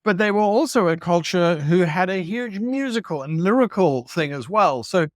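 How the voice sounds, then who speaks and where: A man answering as a guest game master, telling stories in a lively way and acting out quoted remarks. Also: high voice, moderate pace, dry recording, studio quality. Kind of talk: conversational interview answer.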